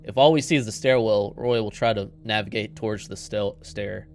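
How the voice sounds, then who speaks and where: A man's voice: lowish voice, a little fast, soft background music. Hesitant man playing a tabletop game. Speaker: player. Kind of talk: casual tabletop game play.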